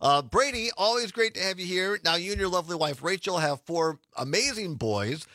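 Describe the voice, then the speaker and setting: A man's voice: sits high, lively intonation, a little fast, sharp tone, no room sound. A man hosting a radio talk show, chatting casually with a self-deprecating, rambling manner.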